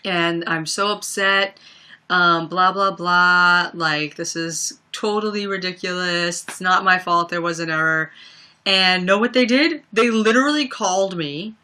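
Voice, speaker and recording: A woman's voice: fairly low pitch, measured pace, bright, forceful tone, clean tone. A young woman chatting casually on a livestream, telling stories with lots of fillers and laughs. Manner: chatty storyteller, many fillers, laughs often. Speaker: livestream host. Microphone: webcam or phone mic.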